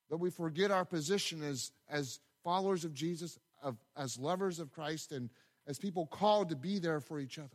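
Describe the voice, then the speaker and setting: Male pastor, mid-high voice, chatty storytelling sermon delivery. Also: fairly bright tone. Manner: conversational, storytelling with asides and repetitions.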